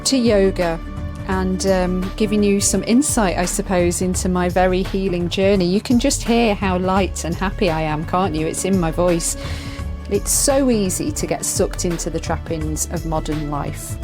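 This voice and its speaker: A woman's voice: on the low side, normal speed. Heartfelt woman podcast host over music. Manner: warm, heartfelt, gushing. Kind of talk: interview and scripted outro.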